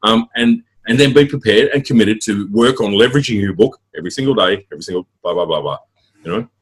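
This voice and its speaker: Fast-talking husky Australian man. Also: on the low side. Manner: fast, rambling, full of fillers and restarts. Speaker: author and guest. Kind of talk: casual interview chat.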